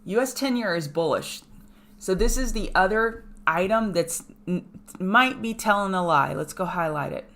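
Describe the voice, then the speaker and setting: A woman hosting a live trading show, walking viewers through charts in a brisk, emphatic way with chatty asides. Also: medium pitch, animated, fairly bright tone. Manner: brisk, emphatic, repeats key points. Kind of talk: live market chart analysis.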